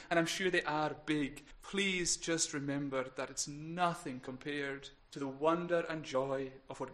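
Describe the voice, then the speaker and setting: A man preaching a sermon in a church, earnest and pleading, moving between soft, quiet appeals and emphatic, rising passages. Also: a little high. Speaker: pastor.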